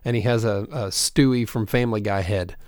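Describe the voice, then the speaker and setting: A man's voice: fairly low pitch, brisk, a little mellow, smooth, no room sound. A man co-hosting a podcast, chiming in with short, dry, joking comments about movies. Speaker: podcast co-host. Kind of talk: casual movie chat.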